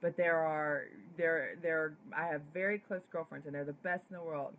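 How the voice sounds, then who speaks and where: A woman with a somewhat low voice delivers a political commentary straight to the camera. She speaks with indignation, hammering her points home through punchy repetition. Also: fairly even intonation, normal speed, dull audio, slight background noise. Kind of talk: direct-to-camera opinion monologue.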